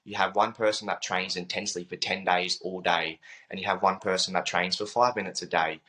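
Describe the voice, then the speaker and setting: A man's voice: deep voice, steady tone, brisk, bright, forceful tone, low-quality recording. A young man telling a personal story as an interview guest, earnest and reflective, repeating phrases and using many fillers.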